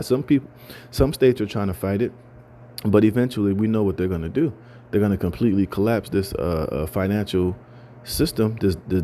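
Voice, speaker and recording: Brief: lowish, dark-toned male commentator, emphatic, repetitive, faint hiss behind. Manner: emphatic, repetitive, many fillers and stammered restarts. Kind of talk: casual talk reading news.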